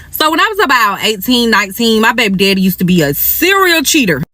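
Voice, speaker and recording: A woman's voice: mid-range voice, pushed and bright, no room sound. A young woman telling a personal story in a frank, breezy, slangy way. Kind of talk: casual storytime.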